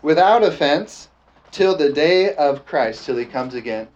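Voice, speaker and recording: A man preaching a lively sermon, often calling out "amen?" and joking with the congregation. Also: fairly high pitch, a little slow. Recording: dull lo-fi sound with faint background noise.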